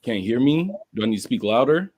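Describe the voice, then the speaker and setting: A man guest on a casual podcast, laid-back, quiet and blunt. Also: medium pitch, expressive, fairly quick, no room sound. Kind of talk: casual chat.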